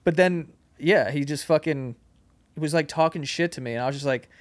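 Fast-talking man telling a story. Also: on the high side, no room sound. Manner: rapid, profane, animated storytelling with acted quotes. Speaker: podcast guest. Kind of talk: casual storytelling.

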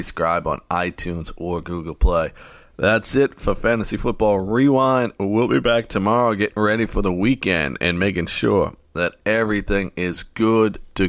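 A man's voice: low voice, dry recording. A man hosting a fantasy football radio show, chatting casually and energetically with jokes. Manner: energetic, joking, hyped-up.

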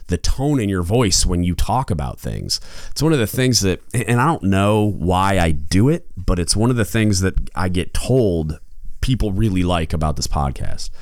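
Deep, passionate male podcast host. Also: dry recording, clean studio sound. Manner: passionate, emphatic, loud at times; rambling with many restarts and fillers. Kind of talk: advice monologue.

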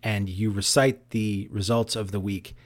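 A man's voice: on the low side, little pitch movement, measured pace. Wry, articulate man co-hosting a podcast. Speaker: podcast co-host. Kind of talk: casual soccer podcast chat.

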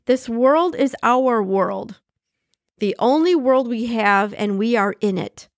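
A woman hosting a podcast in a casual, chatty way, reading short passages and then riffing on them with animated asides and easy laughter. Her voice sits a little higher than average. The recording is close and dry, with no room sound. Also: slow, no room sound. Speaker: podcast host.

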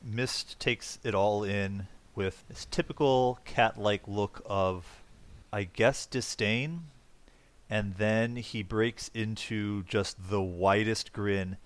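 A man's voice: on the low side, steady tone, takes it slowly. A man playing a tabletop game, describing his cat character's actions casually and playfully. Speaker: player.

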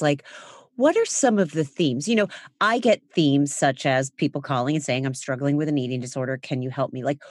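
A woman hosting a podcast interview, asking measured, empathetic questions. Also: deep voice, a little mellow, dry recording, studio quality. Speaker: podcast host.

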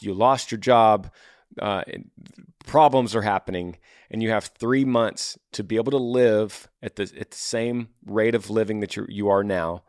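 A man's voice: fairly low pitch, dry recording, clean studio sound. A man hosting an advice podcast who talks in a blunt, earnest, emphatic way. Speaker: podcast host.

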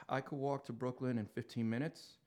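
A man's voice: medium pitch, fairly quick. New York man telling easygoing stories. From Queens, New York. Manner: relaxed storytelling with frequent chuckles. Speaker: guest. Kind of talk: casual conversation.

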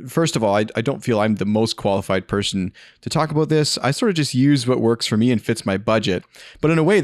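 A medium-pitched man hosts a podcast and answers a listener question, offering casual, rambling advice filled with fillers and restarts. He speaks into a studio microphone, and the recording is dry.

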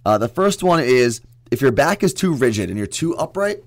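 A young man co-hosts a radio show in easy, joking banter, talking quickly. His voice sits at an ordinary middle pitch for a man. The sound is dry and close, with no room around it. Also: sing-song, dry recording.

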